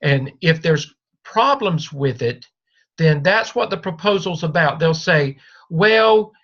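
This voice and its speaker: A man's voice: a little high, animated, unhurried, fairly bright tone. A man advising a doctoral student one-on-one over a video call, talking in a reassuring, repetitive coaching manner. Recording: dull lo-fi video call audio.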